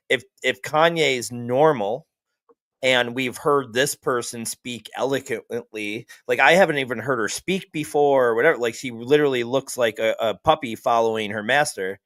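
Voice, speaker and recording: A man's voice: mid-range voice, moderate pace, fairly bright tone, no room sound. A man co-hosting a podcast, working through his thoughts aloud. He talks hesitantly in casual chat. The sound is dry and close. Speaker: podcast co-host.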